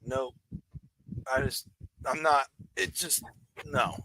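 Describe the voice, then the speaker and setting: A man's voice: a little high, sing-song, slow, gravelly, bright, forceful tone. A man co-hosting a podcast, rambling and defensive in casual banter. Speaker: podcast co-host. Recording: noisy recording with background hiss.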